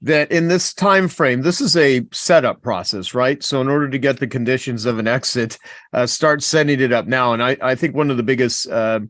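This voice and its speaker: A man's voice: medium pitch, moderate pace, fairly bright tone, dry recording. A man speaking on a video call webinar, his voice close and dry. He talks directly and with emphasis, pressing his point to the audience. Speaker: webinar co-host. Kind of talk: webinar talk.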